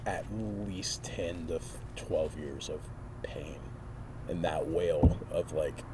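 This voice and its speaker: A man's voice: a bass voice, slow pace. A man in his twenties talking casually with a friend, telling a story with lots of expression and acting out other people's lines. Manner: animated storyteller who acts out quotes. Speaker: vlogger. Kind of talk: casual conversation. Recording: distant mic with clear noise.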